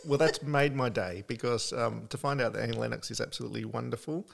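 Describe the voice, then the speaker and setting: A man's voice: medium pitch, quick pace, creaky. A man hosting a casual podcast interview, asking questions and giving brief encouraging replies. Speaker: podcast host.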